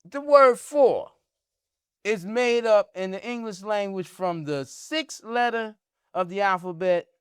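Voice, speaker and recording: A man teaching in a religious discussion, often stopping to ask "huh?" to check that his listeners follow, and pushing up his pitch and force to stress a point. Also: measured pace, smooth, no echo, studio quality.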